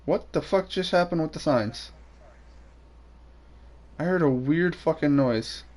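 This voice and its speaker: A young man streams a game and jokes crudely with his friends. His voice sits a bit high and swings widely up and down. He thinks out loud about weapon stats. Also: lively intonation, measured pace. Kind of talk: casual gaming chat.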